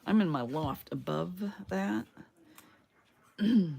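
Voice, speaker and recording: A woman's voice: lowish voice, animated, takes it slowly, vocal fry, warm tone. A woman, chatting to viewers and muttering to herself as she crafts in her home loft. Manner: chatty, talks to herself while working. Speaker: crafting livestreamer. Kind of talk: casual crafting chat to viewers.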